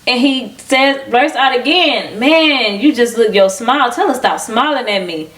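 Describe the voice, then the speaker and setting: Animated woman, high-ish voice, podcast chat. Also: a little slow. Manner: animated storytelling, acting out quoted people. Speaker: podcast co-host. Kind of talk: casual chat.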